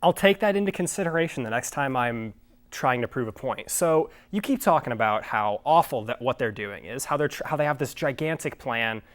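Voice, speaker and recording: A man's voice: medium pitch, animated, fairly quick. A young man hosting a mock talk show, speaking hesitantly with stammers and dry politeness. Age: young adult. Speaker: host.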